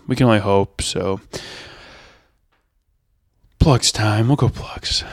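There's a little hiss or hum behind this man's fairly low, unhurried voice. Hosting his own podcast solo, he reviews bands he loves in a rambling, excited way full of fillers.

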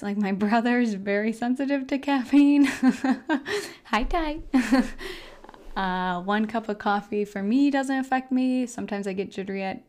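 A woman's voice: medium pitch, a little mellow. A young woman hosting a casual solo health podcast from home, chatting in a rambling way with lots of fillers and frequent laughs. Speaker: podcast host. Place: house, indoors.

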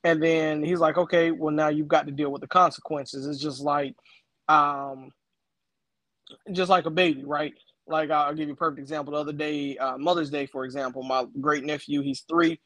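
A man's voice: on the high side, steady tone, moderate pace, fairly bright tone, no echo. A middle-aged man co-hosting a casual faith talk, explaining with personal stories and everyday examples. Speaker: co-host.

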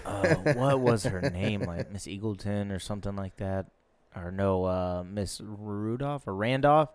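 A man telling a story in a casual chat, animated and laughing as he talks. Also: on the low side, unhurried.

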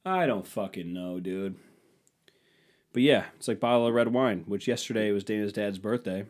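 A man with a somewhat low voice hosts his own solo podcast. He tells stories as a profane, sarcastic rant. His delivery is loose and opinionated. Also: normal speed. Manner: profane, sarcastic, ranting storyteller. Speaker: podcast host.

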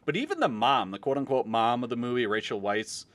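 Podcast dude ranting, voice swoops up and down a lot, kinda low overall. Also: male voice, brisk, crowd noise. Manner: ranting, animated, swears casually. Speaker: podcast co-host. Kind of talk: casual chat.

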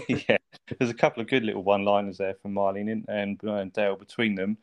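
Man, quick casual chat, lowish voice, swears and laughs. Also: level tone. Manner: chatty, swears, laughs often, asks tag questions. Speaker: podcast co-host.

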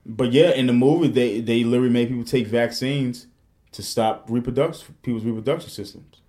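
A man, hosting a casual podcast and telling stories in a profane, animated way, full of restarts. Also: medium pitch, fairly quick. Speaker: podcast host.

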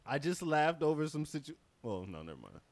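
A man co-hosting a casual podcast chat, laid-back and slangy, swearing freely and pausing often with fillers. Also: fairly high pitch, sing-song. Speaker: podcast co-host.

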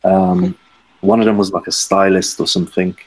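A man with a low voice and little pitch movement tells a casual story at a moderate pace, and the audio is poor. As a podcast guest storyteller, he rambles in slang and mimics the voices of the people in his story.

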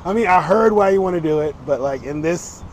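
A man's voice: on the high side, lively intonation, fairly quick, a crowd in the background. A man hosting a casual walk-and-talk podcast outdoors, blunt and teasing, swearing freely. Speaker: podcast host.

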